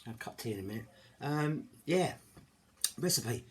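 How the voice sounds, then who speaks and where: A man's voice: mid-range voice, expressive, normal speed, a little hiss or hum. A middle-aged man chatting casually to camera in his home kitchen, rambling and jokey. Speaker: home cooking vlogger. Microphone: camera mic.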